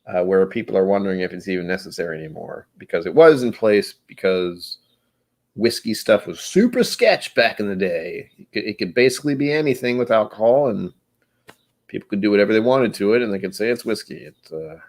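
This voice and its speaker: A man hosts a live whiskey tasting stream, chatting casually as he tastes in a rambling, musing, self-deprecating way. His voice is fairly low and darkish, with lively intonation and a brisk pace.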